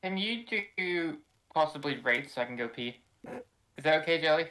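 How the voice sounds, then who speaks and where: A man's voice: fairly high pitch, normal speed, pushed and bright, a little hiss or hum, poor audio. A man chatting casually with friends on a stream.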